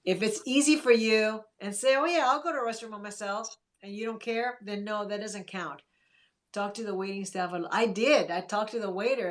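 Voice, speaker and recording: A woman hosting a casual livestream, chatting in an encouraging way and reading viewer comments aloud. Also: medium pitch. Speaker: livestream host.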